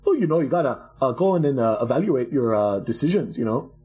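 A man putting on a generic European accent for a halting, mock-serious advice voice. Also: mid-range voice, lively intonation, dark tone, lightly acted. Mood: mock-earnest.

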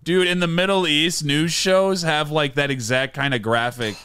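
A man co-hosting a podcast, telling animated stories in casual chat and slipping into voices when he quotes people. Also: on the high side, normal speed, clean tone, no room sound. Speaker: podcast co-host, comedian.

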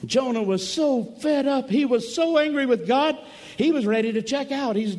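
A man preaching a camp meeting sermon, emphatic, swinging from loud cries to low murmurs, acting out quoted voices and calling for amens. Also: expressive, normal speed. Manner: acts out quoted voices, asks the crowd for amens. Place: large church or camp meeting hall.

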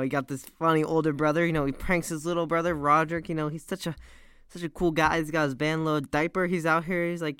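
A man's voice: on the high side, a bit bright, smooth, no echo, studio quality. A teenage boy rambling animatedly in slang as he reviews a movie series. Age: teens.

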